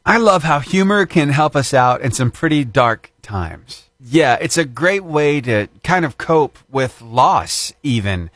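Male host, casual chat, lively pitch, laughs often. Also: measured pace, hardly any pauses, dry recording. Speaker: radio show host.

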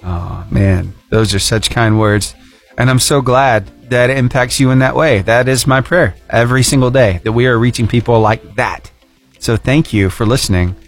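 A man's voice: medium pitch, normal speed, soft background music. A man hosting a morning radio show, goofy and upbeat, laughing often as he chats with a caller. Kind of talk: casual radio chat with a caller. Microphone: studio microphone.

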